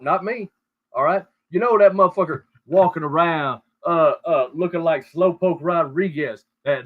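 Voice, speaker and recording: Man, profane rambling host, raised pitch, dull muffled audio. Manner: crude, rambling, heavy swearing. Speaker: show host. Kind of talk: profane casual rant. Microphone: call audio.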